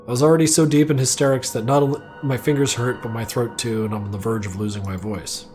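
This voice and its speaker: A man's voice: mid-range voice, steady tone, quick pace, hardly any pauses, a little mellow, faint music behind. A man streaming live, reading a first-person story aloud dramatically, now and then stumbling and correcting himself. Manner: reads aloud with occasional slips and self-corrections.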